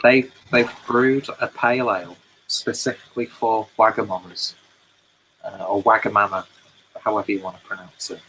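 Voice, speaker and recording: Male co-host with a bright voice, relaxed chat and label reading, faint background hum. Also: fairly low pitch, brisk, poor audio. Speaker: podcast co-host. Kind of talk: casual chat.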